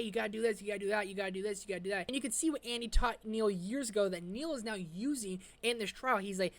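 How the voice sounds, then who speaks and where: A woman giving a casual, slangy episode review as a vlogger, excitable and rambling. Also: mid-range voice.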